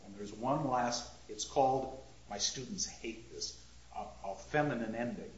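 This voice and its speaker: Slow, deliberate man lecturing a class. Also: mid-range voice. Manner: asks the class questions, recites verse and taps out rhythms. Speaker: literature teacher. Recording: roomy, dull lecture recording.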